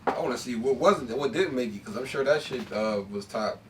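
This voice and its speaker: A man's voice: mid-range voice, expressive, fairly quick, reverberant. A man hosting a podcast in easygoing casual chat, moving the conversation along. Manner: easygoing, moves the talk along. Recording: distant mic with clear background noise.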